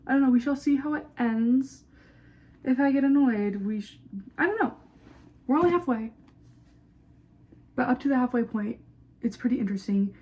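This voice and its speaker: A young woman vlogs casually to camera about a book she's reading, blunt and swearing freely, trailing off into hesitant asides. Her voice is high and a little mellow, at a moderate pace with long pauses.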